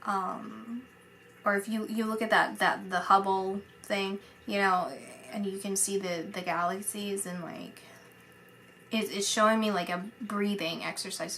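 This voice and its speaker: A woman's voice: medium pitch, fairly even intonation, unhurried, fairly bright tone, slight background noise. A woman psychic medium giving a casual spoken reading, rambling and hesitant with many fillers.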